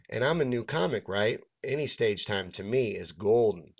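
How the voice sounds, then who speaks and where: A show host and stand-up delivers a lengthy, swearing-filled rant of a story, brisk and with few pauses. His voice is mid-range, and he animatedly plays out the other people's lines.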